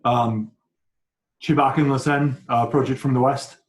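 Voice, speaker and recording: A man's voice: mid-range voice, fairly even intonation, moderate pace, natural voice. A man voicing a male rebel mentor who gives orders over comms, in his own plain voice with fillers. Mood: directing. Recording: roomy echo.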